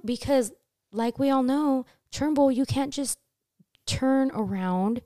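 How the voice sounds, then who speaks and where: A young woman hosting a casual chat, telling a story in an animated way, swearing freely and jumping high in pitch when she acts out her screams. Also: slow, long pauses, no room sound, studio quality. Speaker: podcast host telling a story.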